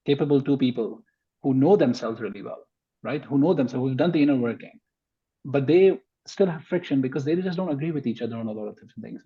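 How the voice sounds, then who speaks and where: Husky-voiced man making his case. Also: medium pitch, lo-fi sound. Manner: emphatic, argues point by point. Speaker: podcast guest. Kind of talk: conversational podcast discussion.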